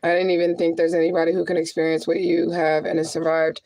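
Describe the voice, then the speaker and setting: Woman, gravelly voice, blunt, profane, chatty, laughs often, dry close sound. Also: fairly low pitch, monotone, fast talker, dark tone, dry recording. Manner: laughs often between heavy remarks. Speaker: spiritual adviser and vlogger. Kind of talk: casual monologue to viewers.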